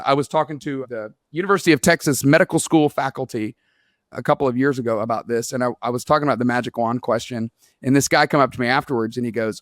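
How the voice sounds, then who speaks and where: A man's voice: a little high, fairly bright tone, dry recording, clean studio sound. A man guesting on an interview podcast, an earnest storyteller who acts out quoted dialogue as he makes his points. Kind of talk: conversational interview.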